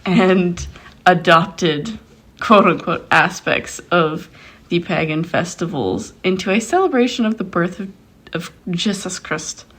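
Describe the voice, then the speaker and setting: A woman's voice: fairly low pitch, a little slow, a bit bright, slightly rough. A woman co-hosting a casual podcast, playful and giggly with goofy asides. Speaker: podcast co-host.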